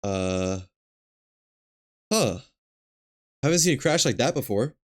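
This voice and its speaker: A man streaming a game, talking to himself in a relaxed, muttering way while he plays, with hiccups. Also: mid-range voice, slow. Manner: muttering to himself, laid-back. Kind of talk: casual gameplay commentary. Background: game ambience and engine noise.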